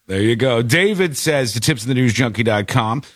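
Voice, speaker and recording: A male talk radio host with a very lively, swinging voice, reading listener emails and riffing on them. The sound is dry and close on a studio mic. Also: mid-range voice, normal speed, no room sound. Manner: lively, animated delivery with jokey asides.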